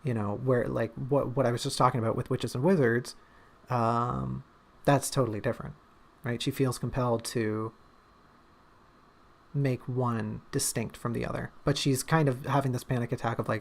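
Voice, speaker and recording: A man's voice: medium pitch, fairly even intonation, normal speed, vocal fry. A man talking casually on a livestream about his writing draft, thinking aloud with lots of fillers and restarts. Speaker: writer discussing his draft on stream.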